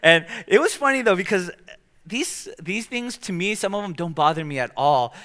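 A young man preaching a sermon as pastor, telling stories in an animated way in a church. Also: high-pitched, normal speed. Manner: animated storytelling, acting out quoted outbursts. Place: church sanctuary.

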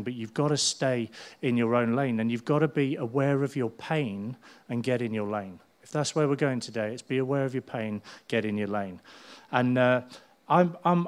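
A man's voice: medium pitch, moderate pace. A middle-aged man preaching a sermon with chatty, humorous storytelling. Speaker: pastor.

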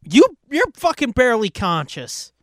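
A man's voice: very high-pitched, big pitch swings, normal speed, a bit bright. A man co-hosting a casual movie commentary, joking, swearing and laughing often. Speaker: podcast co-host.

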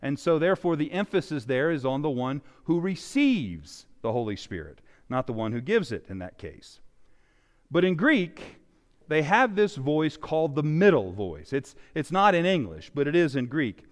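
A male pastor preaching a sermon, with animated emphasis that swings loud and soft. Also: a little high, normal speed. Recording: long reverb of a large hall.

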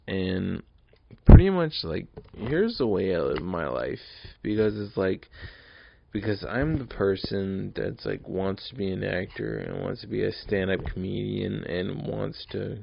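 A drunk man in his early twenties hosts a solo podcast, his voice low and gravelly. He rambles, curses freely and circles back over the same points. The recording sounds dull and lo-fi. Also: unhurried, a little hiss or hum. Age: 20s. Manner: rambling, profane, repeats himself. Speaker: podcast host. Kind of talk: casual solo podcast rant.

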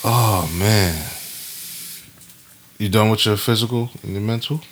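A man's voice: fairly low pitch, fairly even intonation, a little slow. Laid-back man bantering casually. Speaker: podcast host. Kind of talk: casual chat.

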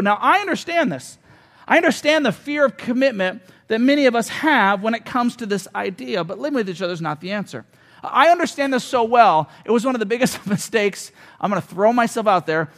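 Pastor in his forties, very high-pitched man, conversational and emphatic sermon delivery. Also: fairly bright tone. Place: church hall with audience.

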